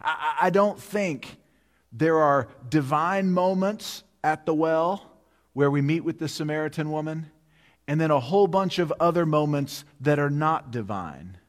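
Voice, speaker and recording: A man's voice: fairly high pitch, measured pace. A man in his fifties, a pastor preaching a sermon, telling a vivid personal story and then building to emphatic, repeated appeals. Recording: long reverb of a large hall.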